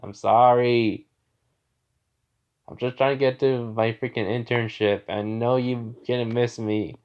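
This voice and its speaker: A man's voice: mid-range voice, fairly even intonation, a little slow, clean tone, lo-fi sound, lightly acted. A man doing a whiny teenage boy hero. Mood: pleading. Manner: pleading, exasperated.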